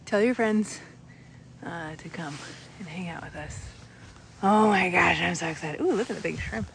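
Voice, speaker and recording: A woman giving live-streamed commentary on a night beach walk, bubbly and excitable as she points out sea creatures outdoors. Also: on the low side, vocal fry, background noise. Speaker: naturalist guide on a live stream.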